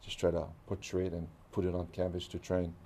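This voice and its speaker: A man's voice: sits low, completely flat delivery, fast, dark tone, a little hiss or hum. A middle-aged man from Hawaii with a Hawaiian accent, animatedly telling stories in a casual interview and acting out the dialogue. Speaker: guest artist.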